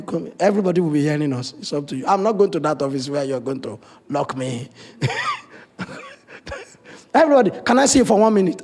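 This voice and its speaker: A man's voice: high-pitched, a little mellow. A man from Africa preaching a sermon as pastor, in a conversational way with blunt humor.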